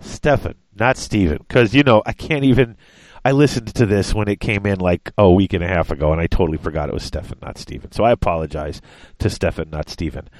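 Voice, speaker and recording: A man's voice: deep voice, fairly quick, no echo. A man hosting a podcast in casual chat, rambling and stumbling over names. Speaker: podcast host.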